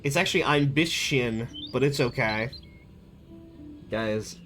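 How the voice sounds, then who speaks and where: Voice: mid-range voice, slow pace, long pauses, fairly bright tone, faint music behind. A young adult streamer chatting casually on a live stream, in a rambling, playful way. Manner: rambling, playful, jumps between topics.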